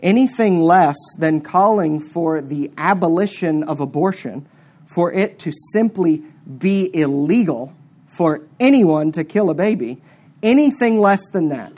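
Emphatic preacher with sharp swings. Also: mid-range voice, lively intonation, measured pace. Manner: emphatic, with sharp swings between loud stressed words and quiet asides. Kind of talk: sermon.

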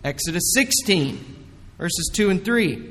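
A pastor with a high voice preaches slowly and earnestly, leaning hard on key words. His sermon rings out through a hall with a long reverb. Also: lively intonation, fairly bright tone. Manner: earnest, emphatic preaching with dramatic retellings.

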